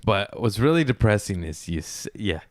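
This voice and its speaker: A man's voice: lowish voice, very animated, moderate pace, dry recording, studio quality. A young man hosting a podcast, chatting in a rambling, self-mocking, giggly way. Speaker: comedian podcast host. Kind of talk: casual comedic chat.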